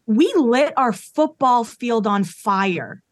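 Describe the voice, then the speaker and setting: A woman's voice: fairly high pitch, animated, slow, no room sound. Frank thirtysomething woman from Massachusetts. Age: 30s. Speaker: podcast guest. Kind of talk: casual chat.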